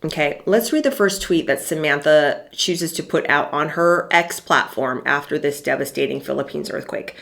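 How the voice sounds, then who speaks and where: A middle-aged woman with a low voice talks through a casual commentary vlog. She speaks conversationally, with dry sarcastic remarks and lots of "um" and "you know". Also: moderate pace, creaky, hardly any pauses, a bit bright. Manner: chatty, dry sarcastic asides, frequent fillers.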